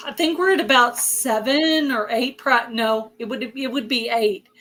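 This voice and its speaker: A woman with a Southern US accent hosting a casual livestream chat. Her voice is hoarse, and she chats away and greets viewers by name. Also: fairly high pitch, a little slow, fairly bright tone. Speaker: host of a livestream.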